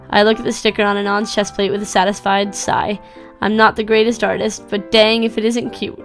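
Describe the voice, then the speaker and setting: A woman's voice: medium pitch, flat delivery, fairly quick, gravelly, faint music behind. Casual woman commenting on a game. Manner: casual, chatty, with fillers like "like" and "um". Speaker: game video host. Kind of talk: casual gameplay commentary and reading aloud.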